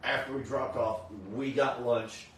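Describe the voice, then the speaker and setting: A man's voice: medium pitch, little pitch movement, unhurried, a bit bright, very echoey, far from the mic, a little hiss or hum. A tired man hosting a casual chat, rambling with many fillers and restarts. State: tired, yawning. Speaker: host of a convention recap stream.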